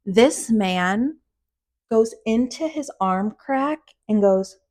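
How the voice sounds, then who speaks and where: A young adult woman hosting a podcast, telling a personal story in a casual, animated way and swearing freely. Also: a little high, slow. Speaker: podcast host.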